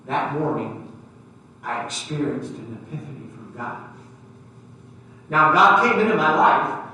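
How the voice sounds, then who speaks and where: High bright preacher in an echoey church. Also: male voice, recorded from a distance. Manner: storytelling, acts out dialogue, swings loud and soft. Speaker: pastor. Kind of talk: sermon. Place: church sanctuary.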